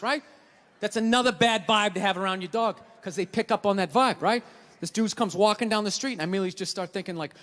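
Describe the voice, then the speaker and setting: A man doing a stand-up routine, ranting and swearing, with loud outbursts. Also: high voice, expressive, fast. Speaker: stand-up comedian. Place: stage in a large hall before a live audience. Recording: live hall with long reverb.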